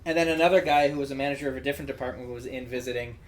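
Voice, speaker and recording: A man co-hosting a game stream, telling stories animatedly and acting out the people in them loudly. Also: medium pitch, rapid-fire. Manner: animated anecdote teller who acts out people loudly. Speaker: streamer co-host. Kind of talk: casual chat while streaming a game.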